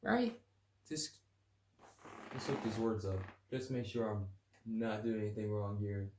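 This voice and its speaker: A man's voice: on the low side, expressive, a little slow. A man hosting a casual solo podcast, rambling and crude, joking and reading definitions aloud. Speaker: podcast host. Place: home room, early morning. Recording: echoey room with faint ambient noise.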